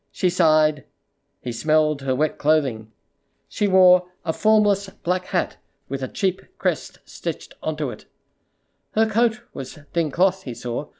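A narrator reading a literary short story aloud in a measured, steady storytelling manner. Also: medium pitch.

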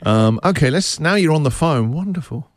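Lively, playful male radio host. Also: on the high side, moderate pace, no echo, clean studio sound. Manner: playful, enthusiastic, teasing. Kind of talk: live breakfast radio chat. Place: radio studio. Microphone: studio microphone.

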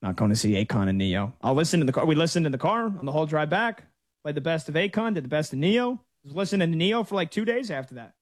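A man in his thirties hosts a sports talk radio show with a loose, chatty storytelling style. His voice sits a little on the higher side and moves freely as he talks. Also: lively intonation, fast, no room sound. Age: 30s.

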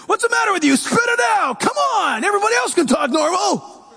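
A man shouting as a harsh scolding father. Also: very high voice, big pitch swings, brisk, creaky, pitched above the performer's own voice, full character voice. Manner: shouting, barking.

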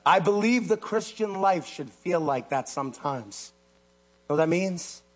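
A man preaching a sermon, swinging between loud exhortation and low hushed asides. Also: expressive, measured pace. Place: church platform.

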